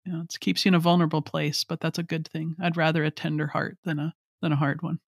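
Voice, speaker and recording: A woman's voice: low voice, level tone, fast talker, dry recording, studio quality. A woman co-hosting a podcast, talking in a reflective, easygoing way. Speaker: podcast co-host. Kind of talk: casual chat.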